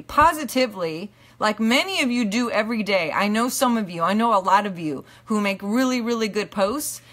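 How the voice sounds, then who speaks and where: A woman teaching a live online class in an earnest, emphatic way, often checking in with her listeners and letting phrases drop low and soft at the end. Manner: earnest, emphatic, repeats "okay?" to the audience. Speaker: teacher and minister. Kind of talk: live-streamed motivational teaching.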